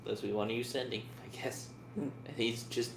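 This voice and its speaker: A man's voice: mid-range voice, fairly even intonation, moderate pace, creaky, reverberant, noisy background. A man playing in a tabletop game, asking questions and musing aloud. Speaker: player. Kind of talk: casual tabletop game chat.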